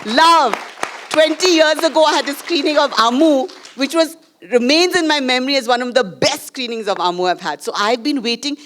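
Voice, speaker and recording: A woman's voice: high-pitched, a little fast, few pauses, fairly bright tone, a faint crowd. A middle-aged woman filmmaker with an Indian English accent, telling a candid, emotional story to an audience after a screening and slipping in Hindi phrases. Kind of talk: post-screening conversation with an audience. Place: screening venue before a live audience.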